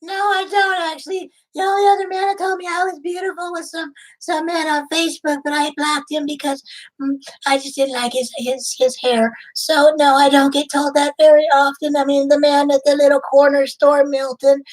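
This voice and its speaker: Giggly high-pitched woman gushing on a prank call, clingy and overdramatic. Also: level tone, normal speed, poor audio. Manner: giggly, clingy and overly emotional. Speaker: scam baiter posing as a lonely woman.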